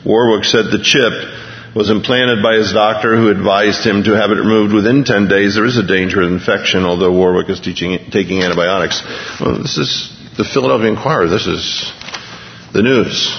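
A man's voice: fairly low pitch, fairly quick, a little hiss or hum. A male pastor preaching a sermon in a conversational way, reading a news item aloud and restarting his sentences as he goes. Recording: dull lo-fi recording with long hall reverb.

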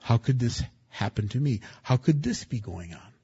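Husky-voiced man preaching a sermon. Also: medium pitch, animated, normal speed, lo-fi sound. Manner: earnest preaching that swings from hushed to loud and emphatic. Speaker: pastor. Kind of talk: sermon with scripture reading.

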